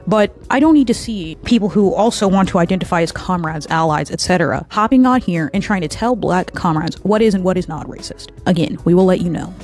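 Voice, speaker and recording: A woman's voice: on the low side, expressive, a little fast, few pauses, darkish tone, soft background music. A woman giving heated commentary in a vlog, blunt and profane, hammering her points home by repeating them, openly angry. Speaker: political commentator.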